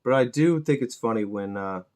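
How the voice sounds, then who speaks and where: A man's voice: mid-range voice, lively intonation, normal speed, darkish tone. A middle-aged man chatting casually while he paints miniatures, laid-back, swearing freely and joking at his own expense. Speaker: miniature painting channel host.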